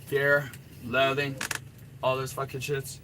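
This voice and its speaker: A man's voice: medium pitch, monotone, takes it slowly. Profane middle-aged man ranting over traffic noise. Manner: profane, rambling, blunt. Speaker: dating coach. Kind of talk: unscripted coaching rant.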